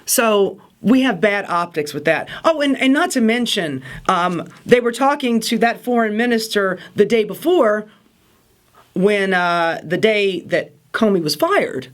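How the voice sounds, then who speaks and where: A woman delivering a casual political rant with a sarcastic, exasperated edge. Her pitch swings widely as she talks, rising and dropping with each point. She sounds fed up and mocking. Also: lively intonation, a little slow. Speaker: political commentary host.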